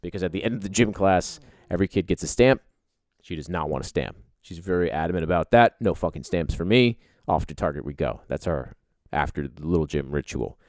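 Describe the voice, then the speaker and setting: A man's voice: low voice, brisk, a little mellow, dry recording. A man in his thirties telling a rambling, profane, sarcastic story in casual chat.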